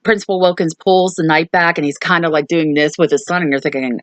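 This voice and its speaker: A woman's voice: low-pitched, steady tone, quick pace, no room sound. A woman hosting a movie review channel, recapping a film in a chatty way with lots of fillers and asides.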